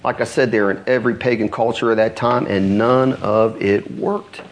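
A man's voice: on the low side, fairly even intonation, moderate pace. A middle-aged man preaching a sermon, telling the story with acted-out voices and rising intensity. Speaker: pastor.

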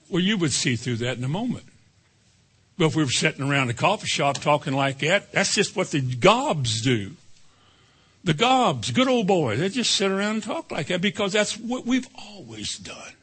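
A man's voice: fairly high pitch, sing-song, moderate pace, pauses often, fairly bright tone, slightly rough. A man preaching a sermon, emphatic and calling out to the congregation for responses.

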